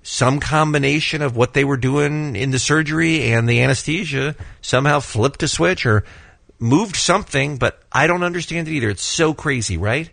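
A man's voice: on the high side, gravelly, a bit bright, no echo. A man hosting a morning radio show, teasing his co-hosts and running down the day's lineup in a studio. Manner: brisk, teasing, runs the show. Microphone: studio microphone.

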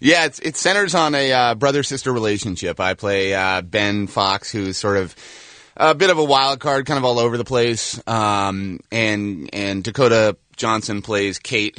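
A man from the Boston area, an actor guest chatting casually on a radio show, self-deprecating and quick to laugh. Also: on the low side, bright, forceful tone, dry recording. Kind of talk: casual radio interview chat.

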